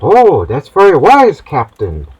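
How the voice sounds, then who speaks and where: A man's voice: a little high, wildly swooping pitch, takes it slowly, a little mellow, husky, lo-fi sound, voice pushed up, full character voice. A man voicing an eager, polite young cabin boy on a ship who speaks earnestly and deferentially to his captain. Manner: earnest, deferential, wide-eyed.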